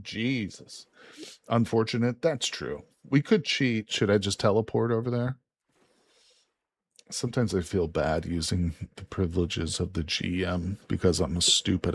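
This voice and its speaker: A relaxed man streaming a survival game, chatting to his viewers with easy jokes and a slightly husky, lowish voice. He talks in a loose, unhurried way. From Illinois, USA. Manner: laid-back, joking asides. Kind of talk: casual live-stream commentary.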